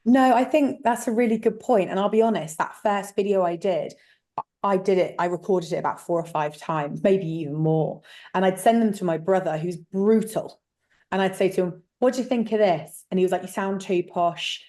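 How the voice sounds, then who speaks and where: A woman's voice: mid-range voice, normal speed, dark tone. A woman talking casually and frankly in an interview, telling stories with lots of fillers. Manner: chatty, frank storytelling with many fillers. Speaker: guest, letting agent.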